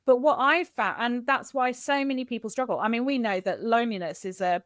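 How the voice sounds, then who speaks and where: A middle-aged woman from Kent, a guest in a candid podcast interview, telling stories in an animated, expressive way. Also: on the high side, brisk, no echo, clean studio sound. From Kent, England.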